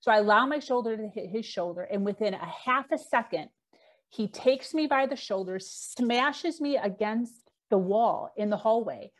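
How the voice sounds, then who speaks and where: A woman's voice: a little high, normal speed. A middle-aged woman, a podcast guest, candidly telling her own story with frequent fillers and acted-out quotes.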